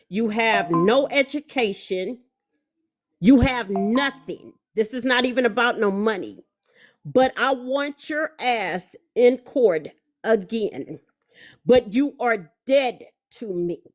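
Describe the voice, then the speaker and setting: Slow-talking blunt woman co-host. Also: fairly high pitch. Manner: blunt, emphatic repetition. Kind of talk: heated commentary.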